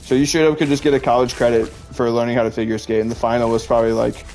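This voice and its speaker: A man's voice: medium pitch, flat delivery, quick pace, darkish tone. A young man in his twenties, a streamer chatting casually and rambling through stories, saying "like" constantly. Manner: rambling, heavy use of "like", chatty storytelling. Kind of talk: casual chat.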